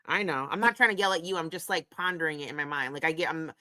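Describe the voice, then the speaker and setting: A woman hosting a casual commentary stream, her voice bright and forceful. She talks bluntly, swears freely and gets worked up as she reacts. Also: low voice, fast talker. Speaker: commentary host.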